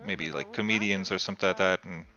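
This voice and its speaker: A man's voice: deep voice, fast talker, pushed and bright. A man speaking English as a second language in casual chat, searching for words and piling up fillers. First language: not English. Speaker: co-host. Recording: dull lo-fi audio.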